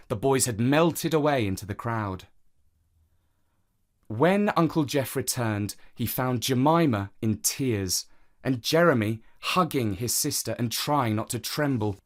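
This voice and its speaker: A man narrating a children's story in a measured, expressive reading. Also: mid-range voice.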